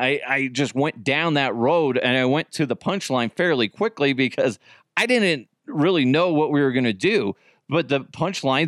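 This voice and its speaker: A man in his thirties tells old radio stories, rambling and swearing freely. He jumps in pitch when he gets excited and keeps restarting his sentences. His voice sounds close and dry. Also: normal speed, no echo. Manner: rambling, profane, animated, self-correcting. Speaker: podcast host, former radio producer. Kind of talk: casual storytelling.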